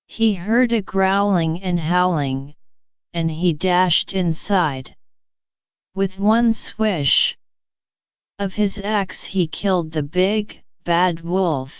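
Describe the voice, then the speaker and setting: A woman reads a bedtime fairy tale aloud, gently and expressively. Her voice is very smooth and unhurried, a touch low. The sound is dry and slightly dull. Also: dry recording. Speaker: storyteller. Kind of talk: bedtime story reading.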